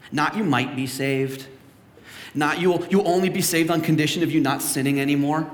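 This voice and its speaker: A young man from Canada preaches a sermon, his fairly high voice ringing around a large, echoey church. He tells stories in a lively way and acts out the voices of the people in them. The long reverb of the hall trails after each phrase. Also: normal speed. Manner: storytelling, acts out quoted voices. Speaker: pastor. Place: church sanctuary.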